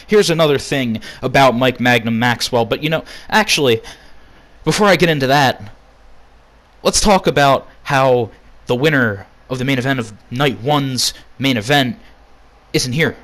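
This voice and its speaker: A man's voice: medium pitch, moderate pace, fairly bright tone. A man cutting a profane, ranting in-character wrestling promo.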